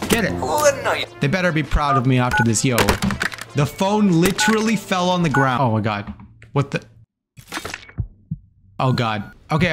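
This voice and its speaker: A man's voice: mid-range voice, noisy background. A young man giving frantic, self-mocking commentary while playing a video game, swearing now and then. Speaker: gaming streamer. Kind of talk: gameplay commentary. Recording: music playing behind the voice. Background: background music.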